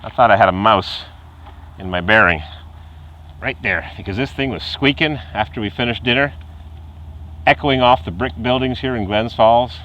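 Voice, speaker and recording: A man's voice: mid-range voice, normal speed, pauses often, a bit bright, muffled recording, a little hiss or hum. A man casually telling a rambling car repair story outdoors at night, chuckling and imitating the noises the car makes. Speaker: car hobbyist vlogger.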